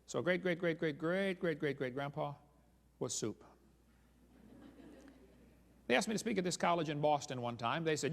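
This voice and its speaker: A man's voice: on the high side, expressive, normal speed, vocal fry, pauses often, big-room sound. A man giving a humorous seminar talk as a creationist speaker, sarcastic and chuckling at his own jokes.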